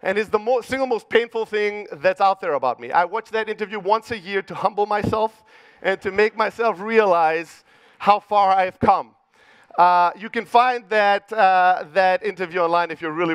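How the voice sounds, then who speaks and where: High-voiced Greek man telling stories on stage. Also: a bit bright, smooth, dry recording. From Greece. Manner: profane, punchy storyteller acting out dialogue. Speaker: conference speaker. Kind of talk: motivational keynote storytelling. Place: conference stage.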